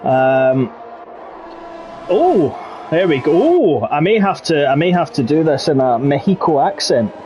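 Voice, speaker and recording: A man giving live commentary on a sim racing league, getting excitable when the battles get close. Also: a little high, unhurried, lo-fi sound, a little hiss or hum. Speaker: race commentator.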